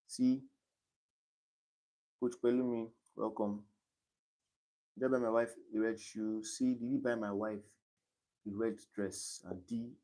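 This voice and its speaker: Young Nigerian male tutor with a slightly low voice, repeats his points, patient and step by step on a live stream. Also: dark tone. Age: young adult. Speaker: online exam tutor.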